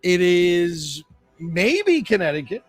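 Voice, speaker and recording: A man's voice: sits high, very animated, slow pace, soft background music. A man with a New England accent hosting bar trivia, joking and chatty as he reads questions and scores. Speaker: trivia host.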